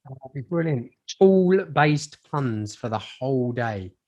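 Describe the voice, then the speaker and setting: A man's voice: mid-range voice, animated, unhurried, a little mellow. A man co-hosting a comedy podcast with dry, punning banter. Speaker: podcast co-host. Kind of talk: casual comedy chat.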